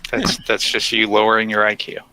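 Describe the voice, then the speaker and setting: A man's voice: lowish voice, monotone, brisk, pushed and bright, slight background noise, rough recording. A man co-hosting a casual chill stream, teasing his friends with dry wisecracks. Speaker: co-host.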